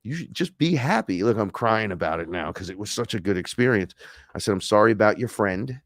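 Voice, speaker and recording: A man telling a personal story in casual talk, excitable and profane, swinging between loud bursts and hushed asides. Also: fairly low pitch, fairly quick, no echo, clean studio sound. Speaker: podcast host recounting an experience.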